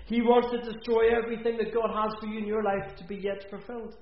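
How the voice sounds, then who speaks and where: A man's voice: high-pitched, level tone, quick pace. A man preaching an earnest sermon in a church, repeating phrases for emphasis. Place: church hall. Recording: echoey, dull church recording.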